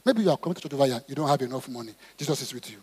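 A man preaching a sermon, reading scripture and calling on the congregation to respond, swinging between loud exclamations and soft asides. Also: mid-range voice, animated, racing, husky. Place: church auditorium. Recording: long hall reverb in church auditorium.

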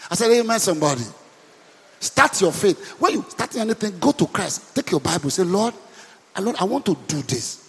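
Pastor guy preaching, voice jumps all over, bit husky, lots of call and response. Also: high-pitched, very animated, normal speed. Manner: call-and-response preaching, repeated questions to the congregation. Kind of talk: sermon. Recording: long hall reverb.

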